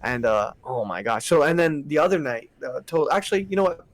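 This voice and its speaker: A man's voice: fairly high pitch, a little fast, no room sound. A young man chatting on a podcast, his voice dry and close to the mic. He tells his stories with a lot of life, acting out customers in put-on voices and breaking into laughter. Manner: animated storytelling, acts out customers, laughs a lot. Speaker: podcast co-host. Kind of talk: casual chat.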